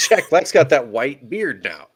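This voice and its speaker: A man's voice: on the high side, very animated, slow, a crowd in the background. A man co-hosting a podcast in casual chat, throwing in dry teasing remarks. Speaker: podcast co-host.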